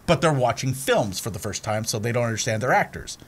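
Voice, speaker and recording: A man's voice: mid-range voice, a little fast. A man co-hosting a podcast, chatting casually and acting out movie scenes with put-on voices. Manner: animated storyteller, acts out movie scenes. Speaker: podcast co-host. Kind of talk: casual chat.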